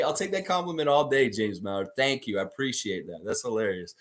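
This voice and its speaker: A man's voice: mid-range voice, a little fast, hardly any pauses. A man hosting a fan show, telling stories and chatting with viewers in a casual, profane way. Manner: animated, profane storytelling. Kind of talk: casual livestream chat with viewers.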